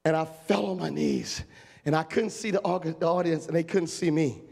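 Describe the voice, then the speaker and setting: Male preacher, gravelly voice, big reverberant hall. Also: on the high side, normal speed. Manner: animated, shouting and laughing while acting out a story. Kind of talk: storytelling sermon. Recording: long echo of a large hall.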